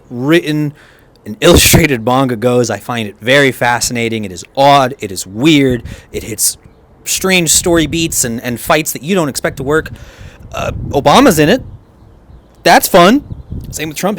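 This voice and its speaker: A man talking casually as a co-host, his pitch leaping up and down as he gets excited. He speaks with enthusiasm and tosses in quick asides. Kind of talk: casual anime review chat.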